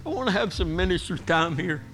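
A man's voice: sits high, lively intonation, brisk, a bit bright, faint music behind. A middle-aged man preaching a sermon in a church, earnest and emotional, rising and pressing as he is stirred. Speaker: guest preacher. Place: church sanctuary.

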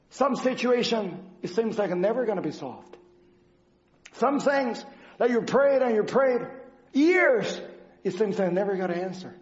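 High-voiced man giving a halting testimony. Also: lively intonation. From Canada. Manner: earnest, halting, non-native phrasing with restarts. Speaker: church speaker. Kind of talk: personal testimony sermon. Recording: dull lo-fi sound.

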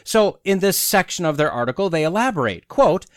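A man's voice: sits high, very animated, a little fast, no echo, clean studio sound. A man in his forties hosting a podcast, delivering a sardonic casual monologue full of rhetorical questions. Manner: sardonic, rhetorical questions, chuckles at own jokes. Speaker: podcast host.

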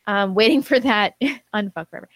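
A woman's voice: medium pitch, moderate pace, dry recording. A woman co-hosting a live-stream talk show, reading viewer comments aloud and chatting casually. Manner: reads superchats aloud, chatty with fillers.

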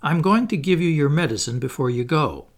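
A man's voice: fairly high pitch, animated, a little fast. A man voicing a motherly young girl who fusses and coaxes. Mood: fussing. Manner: coaxing, pleading.

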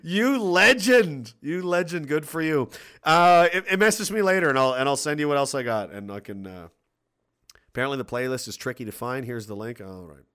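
A man's voice: medium pitch, a little fast, clean tone. A man hosting a casual livestream, reading viewer messages aloud, cursing freely and laughing often. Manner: profane, animated, laughs often, reads chat aloud.

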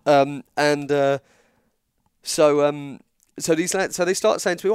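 A guest storyteller from England relates a long story in casual chat, animatedly performing the dialogue of those involved. He has a smooth, fairly high voice and goes a little slow, recorded with clean studio sound and no room sound.

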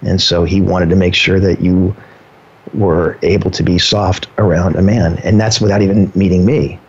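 Man, husky and lowish, earnest storyteller, dull lo-fi sound. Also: steady tone, darkish tone. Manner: earnest, measured storyteller with fillers. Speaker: partner in a couple being interviewed. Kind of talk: casual conversation.

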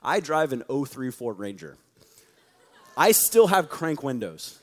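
A man preaching to a young church audience in a joking, energetic storytelling way. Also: medium pitch, measured pace. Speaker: youth pastor. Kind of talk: sermon. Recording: long reverb of a large hall.

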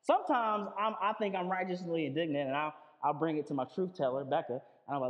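Male pastor, high-pitched, chatty sermon delivery with repeated words; reverberant, muffled recording. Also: fast. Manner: conversational, repeats words, calls on listeners with 'listen'. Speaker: preacher. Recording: long reverb, dull lo-fi sound.

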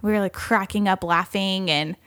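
A young woman casually telling a dating story on a podcast, animated, laughing often and acting out what others said. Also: mid-range voice, normal speed, dry recording, clean studio sound. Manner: animated, laughs often, acts out quoted voices. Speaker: podcast co-host.

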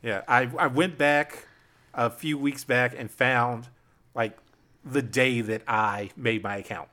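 A man's voice: medium pitch, steady tone, takes it slowly, pushed and bright. A man chatting casually on a podcast, playful and laughing often as he tells stories. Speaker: podcast guest. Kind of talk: casual chat.

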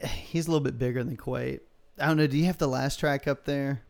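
A man's voice: mid-range voice, fairly even intonation, fast, creaky, darkish tone. A man hosting a podcast in casual, crude, enthusiastic chat, swearing often. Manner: profane, laughing, enthusiastic. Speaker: podcast host.

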